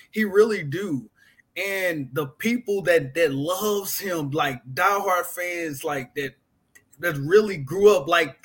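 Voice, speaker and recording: A man speaking earnestly in casual conversation, halting and restarting as he goes. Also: a little high, fairly bright tone. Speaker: guest.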